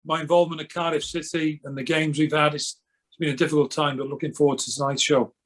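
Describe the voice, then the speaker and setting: Older man from Wales, higher pitch, earnest, a little halting, conversational. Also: little pitch movement, fairly bright tone. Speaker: guest, goalkeeping coach. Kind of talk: casual interview.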